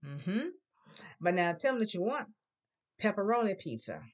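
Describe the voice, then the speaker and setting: Classroom teacher, patient drill voice, models words loudly for repetition. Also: mid-range voice, big pitch swings, normal speed. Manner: patient, coaxing prompts. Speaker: Spanish teacher.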